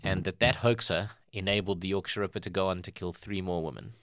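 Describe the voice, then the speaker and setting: A South African man co-hosting a comedy trivia show, laid-back and chatty as he walks through a fact. His tone is bright and forceful, at a middle pitch, recorded dry. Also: quick pace, no room sound. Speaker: co-host.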